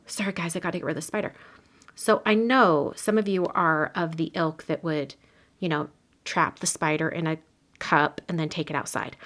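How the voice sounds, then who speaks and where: A woman hosting a live card-making demo, chatting casually and dropping to soft murmurs while she works in her home craft room. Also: on the low side.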